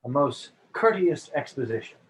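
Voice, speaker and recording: A man's voice: medium pitch, lively intonation, normal speed, natural voice, low-quality recording. A man reading a young nobleman trading quips. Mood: bantering. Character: lovesick young male nobleman trading jests. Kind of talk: cold read of a stage play. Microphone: video call.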